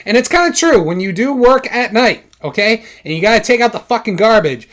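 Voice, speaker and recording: Animated man with a high, lively voice. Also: a little fast. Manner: animated, acts out scenes in shouted voices. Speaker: podcast host. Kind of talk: casual podcast chat.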